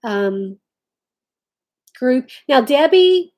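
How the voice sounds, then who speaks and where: A woman's voice: high voice, very animated, extremely slow, warm tone. A woman hosting a casual craft livestream from home, chatting and reading viewer comments aloud. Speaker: livestream host.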